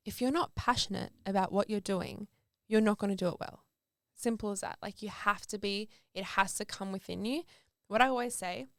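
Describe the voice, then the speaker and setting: Chatty young woman, gravelly edge. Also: medium pitch, a bit bright, no room sound, studio quality. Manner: chatty, laughs often, many likes and ums. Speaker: podcast guest. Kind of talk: casual chat.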